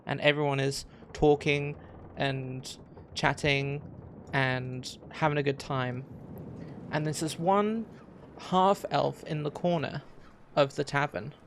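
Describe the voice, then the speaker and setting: Running a tabletop pirate adventure as dungeon master, a man narrates the scene in a fairly high, a bit bright voice with fairly even intonation and a slow pace. His narration is hesitant and full of "um" and "like," with slight background noise.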